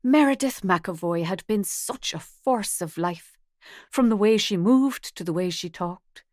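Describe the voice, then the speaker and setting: A woman narrating a novel at a measured, even pace. Her pitch sits in an ordinary middle range, and the close studio mic gives a dry, close sound with no room around it. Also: no room sound. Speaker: audiobook narrator. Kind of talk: scripted audiobook narration.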